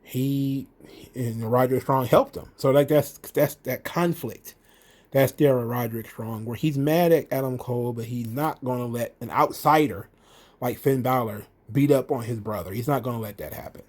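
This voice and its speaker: Man, casual recap commentary, rambling, lots of restarts, mid-pitched voice. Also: moderate pace. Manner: rambling, many fillers and restarts, animated retelling. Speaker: wrestling show commentator.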